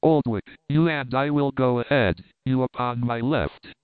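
Bold, steady jungle hero read by a man, mid pitch, dry phone-like sound. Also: unhurried, smooth, no echo, natural voice. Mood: commanding.

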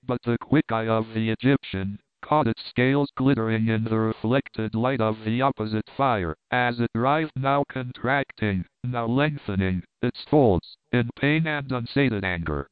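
A man narrating a classic novel as an audiobook in a measured, formal reading. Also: medium pitch, clear, resonant tone, dry recording. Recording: phone-like lo-fi audio.

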